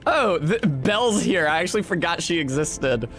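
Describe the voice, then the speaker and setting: A young man doing let's-play commentary with a rambling, sarcastic delivery. His voice sits a little high for a man, with faint music behind. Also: animated, normal speed, fairly bright tone. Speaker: streamer.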